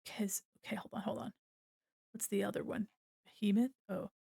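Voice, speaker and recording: An art streamer with a mid-range, dark voice talks at normal speed in a steady tone, with vocal fry and a breathy edge. She chats casually with her chat while drawing, playful and giggly and laughing often. Her desk mic gives a clean, studio-quality sound with no echo.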